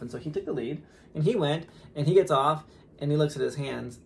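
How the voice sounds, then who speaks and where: A man in his thirties, a father, telling a story casually on a podcast in an animated way with lots of fillers. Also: a little high, a little fast, gravelly, a little hiss or hum. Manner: animated, laughing, lots of fillers and quoted asides.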